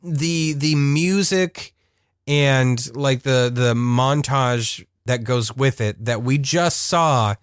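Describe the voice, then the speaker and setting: A man's voice: medium pitch, slow, clear, resonant tone, dry recording. Laughing, rambling man with a dry, close sound. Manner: rambling, animated, laughing often. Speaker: podcast co-host. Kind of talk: casual chat reviewing a cartoon.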